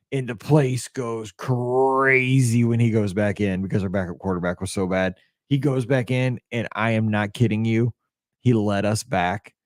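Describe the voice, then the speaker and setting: A man hosting a podcast, telling a story in a casual, excitable and openly emotional way, with lots of restarts. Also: on the low side, dry recording, clean studio sound. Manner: excitable, rambling sports storyteller. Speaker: podcast host.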